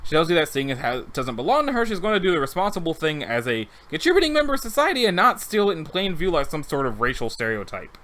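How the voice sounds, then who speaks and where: A man reading a text game and viewer comments aloud, breaking off for wry asides. His voice sits high for a man and swings widely in pitch. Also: big pitch swings, fast talker, hardly any pauses, fairly bright tone. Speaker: let's read narrator.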